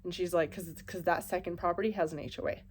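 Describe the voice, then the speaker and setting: A woman with a somewhat low voice recounts a story in a casual vlog. She rambles with many "like"s and "um"s, her telling tense and worked up. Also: steady tone, fast talker, a little hiss or hum. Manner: rambling, filler-heavy, anxious retelling. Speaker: vlogger and landlord.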